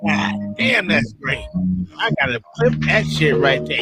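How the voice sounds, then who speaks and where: A man's voice: a little high, sing-song, measured pace, over loud music. A man streaming a film watch-along, commenting in a crude, joking way.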